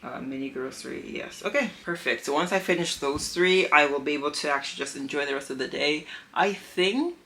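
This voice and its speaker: A woman's voice: sits low, fairly quick, few pauses, fairly bright tone, poor audio. A woman in her twenties from Canada, chatting casually to her camera in a rambling vlog, full of "like" and "um", outdoors on a walk and then at home. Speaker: vlogger.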